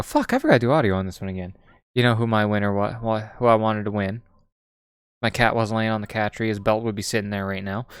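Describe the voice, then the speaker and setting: A man's voice: on the low side, smooth, no room sound, studio quality. A man giving casual, rambling post-show commentary on wrestling, swearing freely and laughing often.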